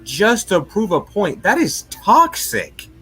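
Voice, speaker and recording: A man joining a casual movie commentary over an online call, animated and quick to laugh or act outraged. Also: high voice, over music. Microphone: headphones on an online call.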